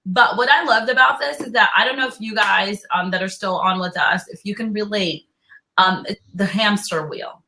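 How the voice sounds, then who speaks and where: A woman with a New Jersey accent, co-hosting a live stream, chatting casually in an animated, rambling, playful way. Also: mid-range voice, normal speed, creaky, a little hiss or hum, rough recording. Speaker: co-host.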